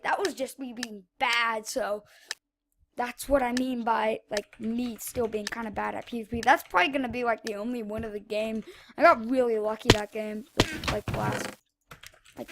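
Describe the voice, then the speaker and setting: A woman giving chatty, rambling live gameplay commentary as a gaming channel host, breaking into excited yells. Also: a little high. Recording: loud noise and mouse clicks.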